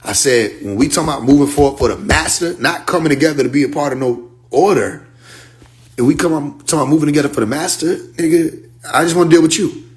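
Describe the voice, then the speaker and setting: A man's voice: on the high side, quick pace. A man telling a story on a phone livestream in a casual, emphatic rant, sometimes muttering to himself. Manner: emphatic, drops to muttering while searching his phone. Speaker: livestream host.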